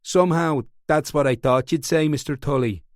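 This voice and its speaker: A man's voice: on the high side, normal speed, dry recording, clean studio sound, pitched above the performer's own voice, lightly acted. A man voicing a desperate, cold young Northern Irish gunman who stays polite and defiant. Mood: pleading, defiant.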